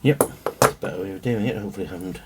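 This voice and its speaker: A low-pitched man talking very fast over heavy background noise. A watch-building hobbyist, he rambles and mutters to himself, thinking aloud as he works.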